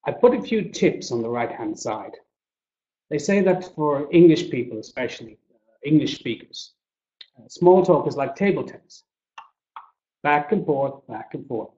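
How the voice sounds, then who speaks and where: A man giving a business English webinar, explaining points slowly with examples and acting out intonation. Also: on the high side, lively intonation, warm tone. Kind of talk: webinar lecture. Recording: dull lo-fi echoey webinar audio.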